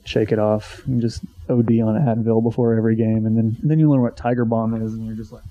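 A man in his twenties, a former college pitcher, casually telling a story, swearing freely and acting out what he once said. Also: steady tone, fast, warm tone. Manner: swears freely, acts out his own past remarks. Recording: dull lo-fi sound.

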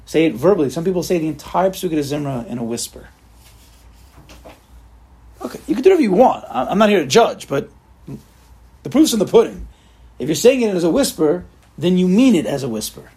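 A man leading an informal religious study group, animated and repetitive, acting out examples for his listeners. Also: on the high side, fairly quick, pauses often, slightly rough. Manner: animated, repeats himself, acts out examples. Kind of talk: informal religious class talk.

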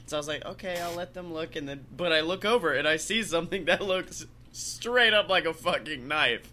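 A young man hosting a podcast in casual chat, telling stories in an animated way and acting out the people in them. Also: a little high, fairly quick. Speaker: podcast host.

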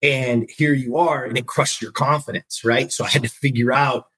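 A man with a husky, slightly rough voice hosts a motivational podcast. He builds his story with conviction and keeps tossing in "right?" to pull his listener along. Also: mid-range voice, steady tone, normal speed, a bit bright. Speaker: podcast host.

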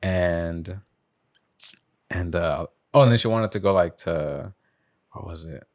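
A young man with a notably low, deep voice chats loosely on a podcast. He rambles through his stories with plenty of fillers, restarts and swearing. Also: slow pace. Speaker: podcast host. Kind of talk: casual chat.

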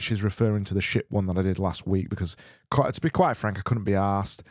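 A man's voice: lowish voice, fairly quick, hardly any pauses, a little mellow, faint music behind. A man hosting a casual solo podcast, rambling, self-mocking and sweary, on a close mic. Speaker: podcast host.

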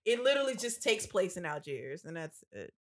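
A woman's voice: fairly low pitch, sing-song, a little fast, a crowd in the background. A woman co-hosting a casual chat, telling stories animatedly with frequent laughter.

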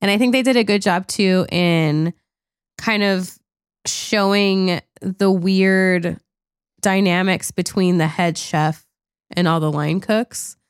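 Chatty woman with a smooth low voice. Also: slow, no echo, clean studio sound. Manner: chatty, laughs often, acts out quotes with a swear. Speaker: podcast co-host. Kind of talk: casual chat reviewing a film.

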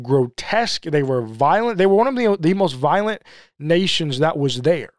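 A man teaching a sermon-style Bible study in a slightly high voice. He speaks earnestly, presses his points through repeated phrases and rhetorical questions, and the sound is close and dry with no room echo. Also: expressive, moderate pace. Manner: leans hard on repeated phrases.

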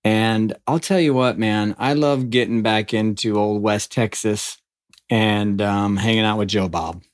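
A man's voice: on the low side, steady tone, measured pace, no echo, clean studio sound. A man in his thirties co-hosting a podcast, chatting casually with lots of ums and likes. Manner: rambling, lots of fillers. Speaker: podcast co-host. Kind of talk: casual chat.

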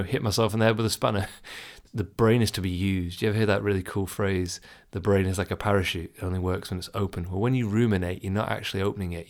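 Man, low gravelly voice, casual self-help talk, chuckles often. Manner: conversational, reflective, chuckles often, acts out inner thoughts. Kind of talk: casual advice talk to the listener.

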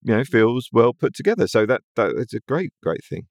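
A man co-hosting a casual chat, lively and teasing, thinking aloud as he goes. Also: medium pitch, fairly quick, no echo, clean studio sound.

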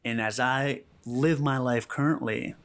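A podcast host in casual conversation, this man speaks in a mid-range, slightly bright voice with fairly even intonation and a measured pace. He's earnest and motivational, acting out quotes as he tells his stories.

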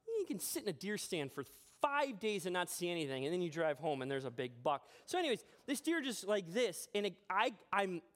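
A man preaching a sermon as pastor in a church, telling a personal story in a chatty, animated way with self-deprecating humor. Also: high voice, fairly quick, hardly any pauses. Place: church sanctuary.

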